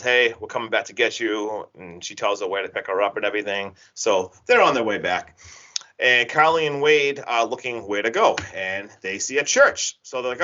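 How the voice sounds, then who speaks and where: Dude chatting on a podcast, um-ing through the plot, bright edgy voice, kinda muffled recording. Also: male voice, on the low side. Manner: rambling, animated plot retelling with filler words. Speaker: podcast co-host recapping a horror film. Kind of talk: casual chat. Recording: dull lo-fi podcast audio.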